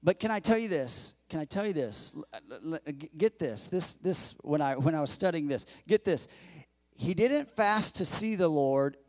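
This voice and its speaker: Animated preaching man, fairly high voice. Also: normal speed. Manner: animated preaching, acts out quotes in raised voice, jokes with congregation. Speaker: pastor. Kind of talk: sermon. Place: church.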